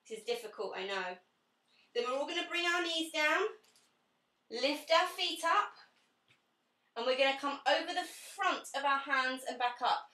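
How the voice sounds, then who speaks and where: A young woman leads a pilates session, cueing breathing and giving friendly corrections to participants. Her voice is bright and crisp. It sounds echoey and distant, as if she is standing away from the mic. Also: high voice. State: out of breath at times. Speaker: pilates instructor. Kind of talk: live online fitness class instruction.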